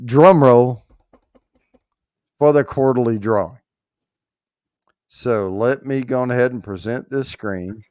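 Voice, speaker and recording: A man's voice: mid-range voice, measured pace, long pauses, darkish tone, smooth, dry recording. A man hosting a casual livestream and running a prize giveaway, joking loosely and swearing mildly while he works the screen.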